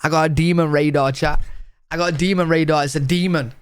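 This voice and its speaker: British male streamer, slightly high voice, dry close mic, jokey and crude with his chat. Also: fairly even intonation, quick pace, clear, resonant tone, no echo. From United Kingdom. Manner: joking, swearing, talks straight to chat. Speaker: streamer reacting to a video. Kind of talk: casual live reaction commentary.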